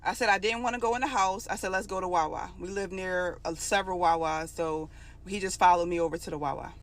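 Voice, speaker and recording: A woman's voice: lowish voice, fairly even intonation, fast. Woman, storytime vlog, emotional, chatty, repeats lines for emphasis. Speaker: vlogger telling her own story. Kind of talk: casual storytime monologue.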